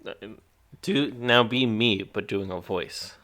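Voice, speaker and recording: A man's voice: fairly low pitch, slow pace, bright, forceful tone. A man co-hosting a casual podcast, laid-back and dry, laughing along with his partner. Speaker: podcast co-host. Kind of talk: casual chat.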